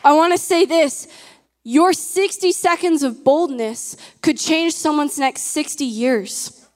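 Woman preacher, high voice, earnest and emphatic, quizzes the audience, echoey hall. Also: slow pace. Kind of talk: sermon.

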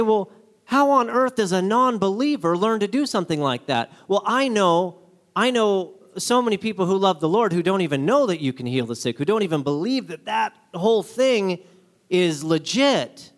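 High-voiced man preaching with lively storytelling. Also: moderate pace. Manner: animated storyteller, acts out characters with jumps in pitch. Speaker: guest speaker. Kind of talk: sermon with acted-out stories.

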